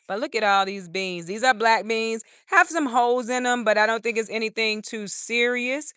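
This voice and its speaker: A woman's voice: fairly high pitch, moderate pace, sharp tone, clear, resonant tone, dry recording, studio quality. A woman hosting a live garden tour, chatting casually and reading viewer comments. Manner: chatty, laughs often, talks to viewers as y'all. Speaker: garden channel host doing a live stream. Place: outdoor urban garden.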